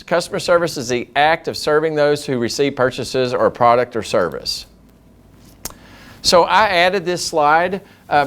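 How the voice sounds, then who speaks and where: A man giving a customer service training talk to school district staff, telling stories and acting out the dialogue in them. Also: medium pitch. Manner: lively storyteller who acts out dialogue.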